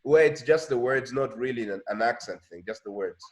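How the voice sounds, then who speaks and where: A man's voice: medium pitch, a little fast. A man hosting a casual interview, asking questions and stumbling over repeated words as he asks. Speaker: interviewer, host.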